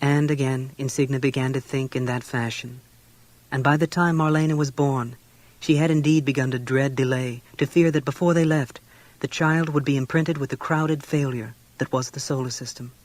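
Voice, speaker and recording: Steady man reading a novel aloud. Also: medium pitch, moderate pace, dry recording. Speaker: audiobook reader.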